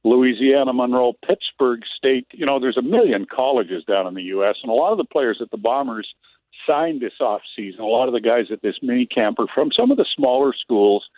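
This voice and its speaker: A man giving a chatty, brisk sports report down the line to the radio hosts. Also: mid-range voice, no echo. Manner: brisk, chatty, with lively rises. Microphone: phone. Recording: tinny phone line, dry.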